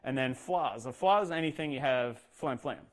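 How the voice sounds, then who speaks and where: A man's voice: medium pitch, normal speed. A man who is a percussion instructor, explaining drum exercises step by step and often checking in with "okay?". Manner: explains step by step, says "okay?" often, speaks rudiment names in a rhythm. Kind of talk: instructional talk with demonstration.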